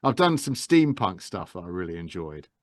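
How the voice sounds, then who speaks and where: A man's voice: sits low, big pitch swings, normal speed, no echo, clean studio sound. A man, an audiobook narrator, giving enthusiastic, rambling advice in a casual interview, with many restarts.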